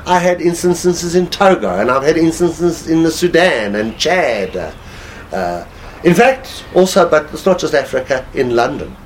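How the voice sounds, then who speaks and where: Animated man telling a drinking story. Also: on the high side, unhurried, a little hiss or hum, poor audio. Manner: animated storyteller, laughs while talking. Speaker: guest telling stories. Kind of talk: casual anecdote telling.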